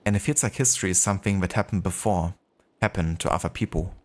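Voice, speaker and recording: Man reading as gentle regretful old father. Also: sits low, fast talker, lightly acted. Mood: reflective. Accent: German. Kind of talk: reading game dialogue aloud.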